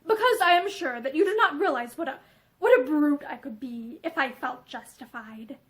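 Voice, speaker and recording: A woman's voice: high-pitched, expressive, moderate pace, fairly bright tone. A woman reading aloud and voicing a stern, hard man who speaks in a level, clipped way. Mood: reserved. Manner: level, clipped, coldly earnest.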